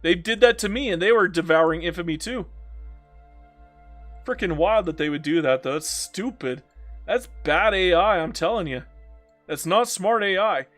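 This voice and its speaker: A man with a high-pitched voice talks through a strategy game. He chats loosely, jokes at the screen and reads out viewer comments. Soft music plays faintly behind him. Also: lively intonation, normal speed. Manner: chatty, joking, reads chat aloud, breaks into silly mock voices. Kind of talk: live gameplay commentary.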